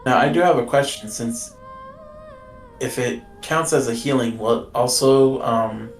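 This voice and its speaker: A man's voice: medium pitch, a little slow, roomy sound, faint music behind. A man playing a tabletop game, reading out a spell rule and asking the game master a question. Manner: checking rules, reading aloud. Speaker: player. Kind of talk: tabletop role-play.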